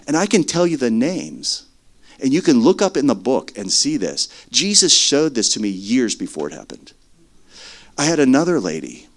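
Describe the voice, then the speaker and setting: A middle-aged man preaching a sermon as earnest testimony, swinging between loud stretches and hushed ones. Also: on the low side.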